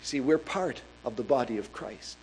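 A man preaching a sermon in an earnest, emphatic way, reading scripture aloud and slowing down to stress key words. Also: mid-range voice, vocal fry, darkish tone, slight background noise, poor audio.

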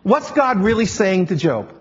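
Lively high-voiced male preacher, lo-fi. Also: normal speed. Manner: playful teacher-style, quizzing the congregation. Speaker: pastor. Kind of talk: sermon. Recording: dull lo-fi recording.

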